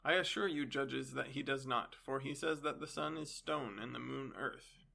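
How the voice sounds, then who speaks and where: A man's voice: mid-range voice, moderate pace, creaky, pushed and bright, exaggerated voice. A man voicing a reckless young male accuser who gives curt, insistent answers.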